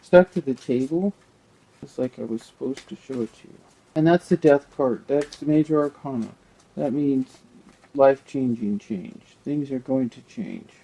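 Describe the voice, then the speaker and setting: Gravelly dark-voiced man reading tarot. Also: medium pitch, low-quality recording. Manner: rambling, halting, repeats words while thinking aloud. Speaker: tarot reader.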